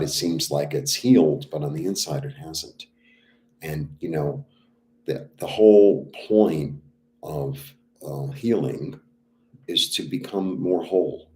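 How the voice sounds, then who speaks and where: A man's voice: rumbling low, a little mellow, slight background noise. A man giving a casual, rambling spiritual talk about healing, with many fillers and restarts. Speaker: spiritual healer.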